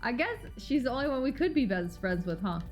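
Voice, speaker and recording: Woman streamer, lively pitch, higher voice, expressive, game music faint behind. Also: brisk. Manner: expressive, swings from dramatic outbursts to mumbling. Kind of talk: live game playthrough and reading aloud.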